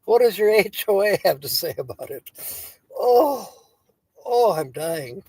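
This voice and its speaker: A man hosting a relaxed live stream, chatting slowly and easily while he reads viewer comments and jokes around. His voice has a husky edge and sounds dry and close, with no room around it. He is goofy and giggly and keeps cracking himself up. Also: high-pitched, dry recording. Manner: giggly, breaks into laughter often; playful and goofy, tickled by wordplay. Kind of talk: casual live-stream chat, reading viewer comments aloud.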